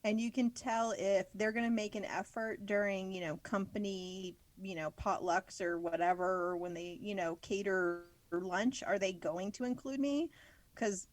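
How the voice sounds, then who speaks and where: Female podcast co-host, mid pitch, dry close mic; relaxed, chatty, quick backchannels. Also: no room sound. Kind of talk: casual chat.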